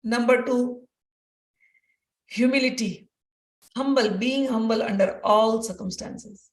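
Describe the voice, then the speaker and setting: Woman, earnest devotional teacher who repeats her points; fairly high voice, mic at a distance. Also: slow, echoey room. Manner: earnest, repeats phrases for emphasis. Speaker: spiritual teacher. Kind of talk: devotional teaching talk with personal stories.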